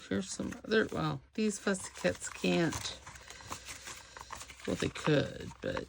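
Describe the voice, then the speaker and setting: A woman crafting a junk journal, talking quietly and rambling to herself as she works. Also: medium pitch, expressive, takes it slowly, creaky, pauses often, slight background noise. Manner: quiet, rambling, talks to herself while working. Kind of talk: casual crafting vlog narration.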